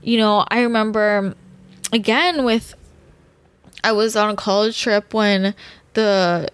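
Speaking slowly in a clear, resonant, medium-pitched voice, a young woman hosting a podcast rambles earnestly through a personal monologue. She swears liberally and works herself up as she talks.

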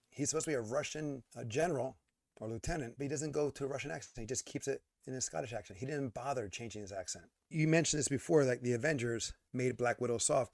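A man co-hosting a casual movie review, ranting and arguing in an animated way. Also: medium pitch, dry recording, clean studio sound. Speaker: podcast co-host.

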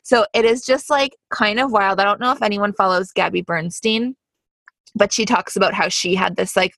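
Chatty young woman with a bright voice. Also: medium pitch, moderate pace, no room sound. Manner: chatty storytelling, peppered with "like". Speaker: podcast co-host. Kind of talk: casual chat.

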